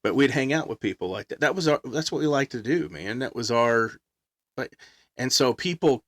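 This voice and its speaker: A middle-aged man telling stories in casual chat, animated, acting out quotes and laughing often. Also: medium pitch, normal speed, dry recording. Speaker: guest musician.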